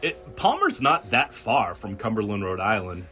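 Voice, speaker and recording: Lively, bright-voiced male podcast host. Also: fairly low pitch, moderate pace. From New England. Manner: animated storyteller, acts out quotes, laughs often. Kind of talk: casual podcast chat.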